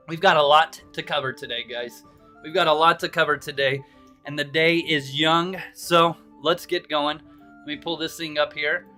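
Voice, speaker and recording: A man's voice: fairly high pitch, sharp tone. A man hosting a live stream, chatting in a casual, upbeat and jokey way as he greets viewers by name.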